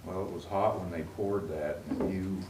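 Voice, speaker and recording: A man with a very low voice speaks bluntly at a council meeting, picked up from far off. The sound is roomy and carries a clear noisy hiss. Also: fairly even intonation, moderate pace. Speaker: council member. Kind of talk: public meeting discussion. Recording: roomy far-off mic with noise.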